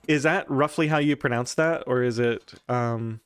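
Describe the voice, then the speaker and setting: A man's voice: medium pitch, normal speed, fairly bright tone, clean tone, dry recording. A man streaming a game, chatting casually and thinking aloud with fillers. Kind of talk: casual chat while gaming.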